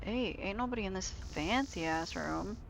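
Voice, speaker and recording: A woman streaming a video game, chatting casually and excitably with frequent swearing and playful grumbling. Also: mid-range voice, gravelly, noisy background. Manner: chatty, excitable, quick reactions and self-talk. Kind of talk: casual live-stream gameplay commentary.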